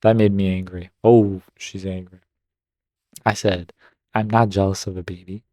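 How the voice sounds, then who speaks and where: A man with a lowish, mellow voice reads a story post aloud, then stops to cheer it on or react in casual asides. The sound is dry and close, with no room around it. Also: little pitch movement, moderate pace, no room sound. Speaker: Reddit story reader and gaming commentator. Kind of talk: reading stories aloud with casual commentary.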